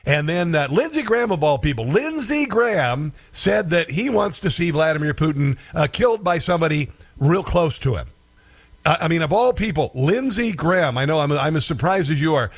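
A man's voice: a little high, expressive, normal speed. A man hosting a political commentary show, sarcastic and rambling, with many filler sounds.

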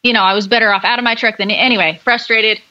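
A woman's voice: fairly high pitch, steady tone, quick pace, bright, forceful tone, highs cut off. A young woman guest speaking candidly and upbeat in a casual podcast conversation, telling her own story.

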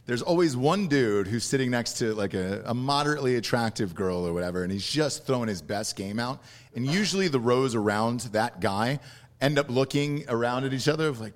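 A man's voice: mid-range voice, animated, brisk. A man hosting a casual interview podcast, joking around and swearing freely. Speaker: podcast host.

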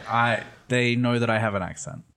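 A man's voice: mid-range voice, a little fast, creaky, a bit bright. A man from Australia with a mild Australian accent that has drifted toward American and English, chatting casually as an interview guest in a rambling, self-deprecating way. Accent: mild Australian, shifted toward American and English. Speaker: podcast guest.

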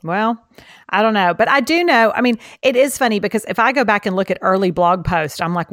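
A woman's voice: medium pitch, a little fast, fairly bright tone, no echo, clean studio sound. A middle-aged woman from Texas with a Southeast Texas accent, chatting and laughing easily as a podcast co-host. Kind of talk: casual chat.

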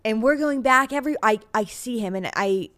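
A woman's voice: fairly high pitch, a little fast, fairly bright tone, no room sound, studio quality. A young woman hosting an interview, chatty and interjecting, laughing often. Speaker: podcast host. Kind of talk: casual interview chat.

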